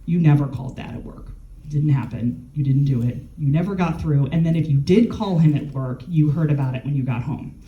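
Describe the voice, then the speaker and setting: A woman's voice: low voice, fairly quick, reverberant, highs cut off. A woman, a gerontologist, talking casually and candidly about caring for a family member, with self-deprecating laughs. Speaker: gerontologist and speaker. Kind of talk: casual conversational storytelling. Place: warm room.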